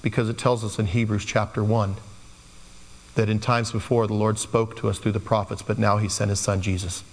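A man's voice: on the low side, flat delivery, brisk. A man preaching a sermon in a loose, conversational way, slipping into playful quoted asides. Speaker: pastor. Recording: long hall reverb.

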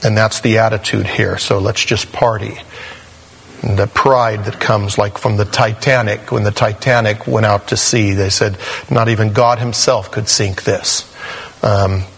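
A man's voice: fairly even intonation, unhurried, creaky, fairly bright tone, slightly rough. Man teaching scripture in a reverberant hall. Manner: conversational, acts out quoted voices with pitch jumps. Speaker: pastor. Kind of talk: expository Bible teaching.

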